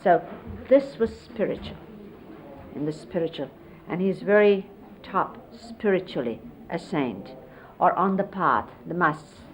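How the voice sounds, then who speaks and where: A woman's voice: on the low side, expressive, unhurried. A middle-aged woman reminiscing in a casual storytelling way and explaining hand gestures, with frequent fillers, heard on dull 1970s videotape audio with faint hiss. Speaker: disciple recalling a spiritual teacher.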